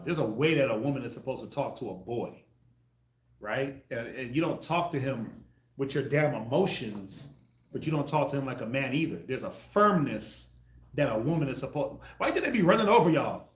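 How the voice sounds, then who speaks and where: A man preaching to a group, acting out the voices he quotes with sudden loud bursts. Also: mid-range voice, normal speed, reverberant. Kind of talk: street sermon teaching.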